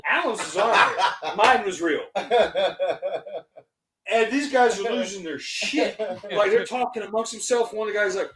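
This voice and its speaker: A man hosting a podcast, telling a crude army story in a profane, animated way. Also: high-pitched, a little slow, roomy sound, rough recording. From United States. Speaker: podcast host. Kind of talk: casual podcast chat, storytelling.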